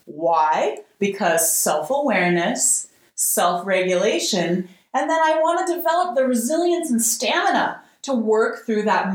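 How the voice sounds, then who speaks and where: A woman yoga teacher speaks in a casual, expressive way, checking in with her listeners and dropping the odd swear word. Her voice sits in a middle pitch. It rings out in a strongly echoing room. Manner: expressive, often asks "right?", casual swearing. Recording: very echoey room.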